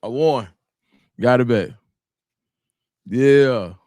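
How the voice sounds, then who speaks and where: A man's voice: mid-range voice, very slow, a little mellow, no echo. Laid-back man chatting live on stream. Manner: laid-back, talks straight to viewers, greets chat by name. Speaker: livestream host. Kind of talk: casual livestream chat.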